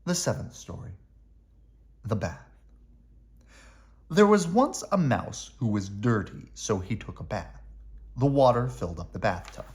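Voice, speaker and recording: Slow, animated man reading a children's storybook. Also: lowish voice. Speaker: storybook reader. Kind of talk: children's read-aloud narration.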